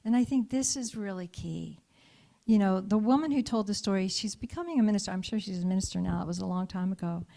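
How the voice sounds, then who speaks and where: A middle-aged woman minister talks quickly in a medium-pitched, gravelly yet mellow voice during a conversational sermon in a church sanctuary. She shares a story, asks her congregation for their thoughts, and often breaks into laughter.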